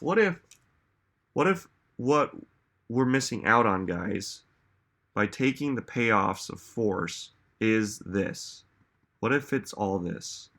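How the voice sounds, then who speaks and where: A man's voice: fairly low pitch, pushed and bright. A man giving a reflective motivational talk, musing aloud and asking listeners many rhetorical questions. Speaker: self-help speaker.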